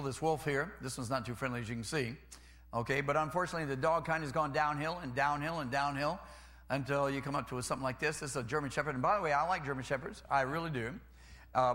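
Bright-voiced folksy male preacher. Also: on the high side. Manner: folksy, repeats phrases, calls for amens. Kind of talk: sermon.

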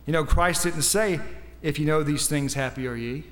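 A high-pitched male pastor preaches to a congregation, moving from calm, measured scripture readings to fervent, climbing peaks of emphasis. His voice rings out with a long, trailing reverb, as if recorded in a large church sanctuary. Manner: builds from quiet scripture reading to emphatic, rising climaxes. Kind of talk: sermon.

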